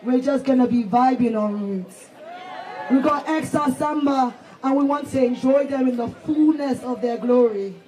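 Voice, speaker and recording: A man's voice: very high-pitched, normal speed, darkish tone, low-quality recording. A man giving an emotional, laughing rally speech as a protest organizer at an outdoor street protest. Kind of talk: rally speech through a crowd. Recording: outdoor protest with crowd behind.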